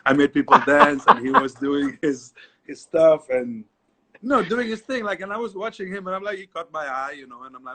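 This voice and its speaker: A middle-aged man, a dance teacher, talking as an interview guest, lively and repetitive, often adding "you know". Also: on the high side, brisk. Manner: animated storyteller, repeats himself, many "you know"s. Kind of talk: casual interview chat.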